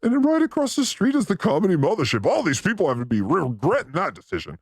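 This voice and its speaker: A man with a high, gravelly voice leads a crude comedy podcast. His pitch leaps around wildly as he tells joke after joke. The sound is close and dry. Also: wildly swooping pitch, fast, no echo. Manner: joking, playful, swings between loud bursts and mutters. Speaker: podcast host.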